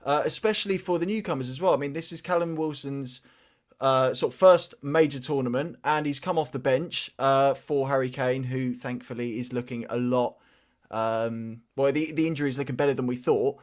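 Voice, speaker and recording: A man's voice: medium pitch, fairly even intonation, normal speed. Male pundit, easygoing and self-mocking. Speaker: football pundit. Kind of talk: casual chat.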